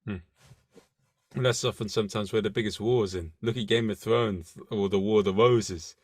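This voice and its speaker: A man's voice: lowish voice, fairly even intonation, moderate pace, dry recording, clean studio sound. A man hosting a podcast interview, making thoughtful points and asking his guest questions. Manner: reflective, asks questions and makes points. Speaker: podcast host. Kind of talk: casual interview.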